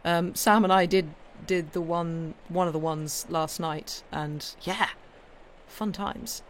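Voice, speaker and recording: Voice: mid-range voice, fairly even intonation, takes it slowly, a little hiss or hum. A British-accented streamer chatting casually with viewers, rambling with many fillers and restarts. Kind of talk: casual live-stream chat.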